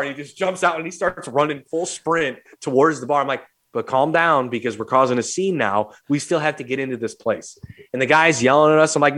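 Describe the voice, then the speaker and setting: Male podcast host from St. Louis, mid-range voice, loose and animated storyteller who swears freely. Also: medium pitch, a little fast. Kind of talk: casual storytelling chat.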